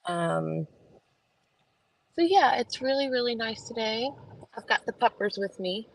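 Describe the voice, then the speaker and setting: Gravelly-voiced woman chatting from her car. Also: on the high side, expressive, unhurried, slight background noise, rough recording. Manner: rambling with many fillers, homey. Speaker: vlogger chatting with live viewers. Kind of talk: casual chat. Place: parked car in a school pickup line. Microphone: phone camera.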